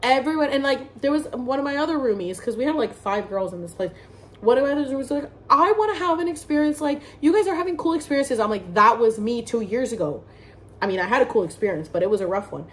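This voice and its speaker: Indoors by a window, a young woman vlogger tells a story to her own camera in a slightly high, quick voice. She's chatty and profane, says "like" constantly, and slips into playful voiced quotes.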